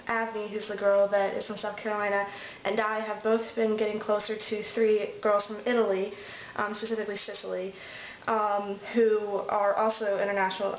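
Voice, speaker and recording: A woman's voice: medium pitch, a little hiss or hum. A young American woman telling stories in a rambling vlog, with many fillers and restarts. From United States. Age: young adult. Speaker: vlogger. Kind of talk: casual chat. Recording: echoey room, dull sound.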